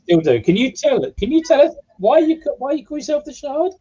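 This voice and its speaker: A man's voice: extremely high pitch, very animated, brisk, warm tone, highs cut off. A man hosting a casual interview, asking friendly, eager questions. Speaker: interview host.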